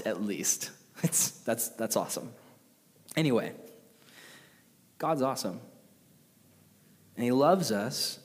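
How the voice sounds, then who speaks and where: Animated young male youth pastor. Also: big-room sound. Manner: animated storytelling, acts out characters with jumps in pitch. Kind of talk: casual youth sermon.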